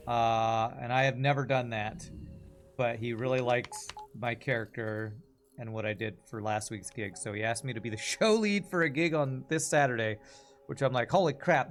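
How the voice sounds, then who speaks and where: A man streaming a video game, chatting with viewers in a rambling, self-mocking way. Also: medium pitch. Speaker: streamer and gamer. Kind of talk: casual chat while playing a game.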